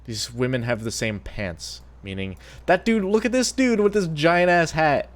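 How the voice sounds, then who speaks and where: A man's voice: fairly high pitch, expressive, moderate pace. A man streaming a game, giving crude, joking commentary and swearing often. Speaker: gaming streamer. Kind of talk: casual gameplay commentary.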